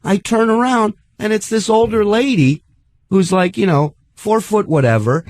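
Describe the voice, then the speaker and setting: A man's voice: high-pitched, normal speed, darkish tone, no echo, studio quality. A man, a radio co-host and comic, telling a story in casual banter and swearing freely. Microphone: studio microphone.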